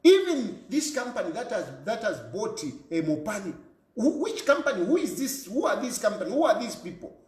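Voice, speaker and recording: A man's voice: sits high, very animated, moderate pace, a little mellow, echoey room. A Zambian man giving an impassioned political monologue, firing off repeated rhetorical questions and switching between English and a local language. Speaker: political commentator.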